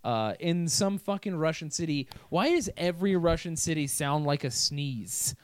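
A man's voice: a little high, expressive, moderate pace, a crowd in the background. A young man hosting a podcast, telling a history story in a crude, swearing, joking way. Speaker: podcast host. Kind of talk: casual comedic storytelling.

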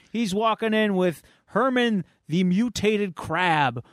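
Animated man retelling a story. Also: sits high, slow pace, no room sound, clean studio sound. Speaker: podcast host. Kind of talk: casual chat, retelling a comic.

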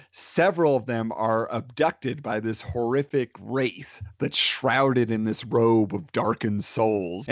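A man's voice: medium pitch, dry recording. Rambling man in casual movie chat. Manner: rambling, filler-heavy storytelling. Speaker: podcast co-host. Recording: dry, dull lo-fi sound.

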